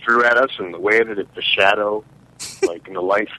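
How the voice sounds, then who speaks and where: A man in casual chat, telling a childhood scare in a halting, filler-heavy way. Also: on the low side, fairly even intonation, pushed and bright, poor audio.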